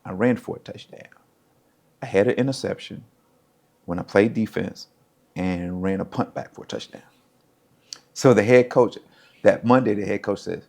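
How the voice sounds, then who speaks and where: A man's voice: on the low side, normal speed, vocal fry, long pauses. A middle-aged American man, a former pro football player, telling stories from his life and acting out the voices of the people in them. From United States. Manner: animated storyteller, acts out quoted voices. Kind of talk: casual storytelling.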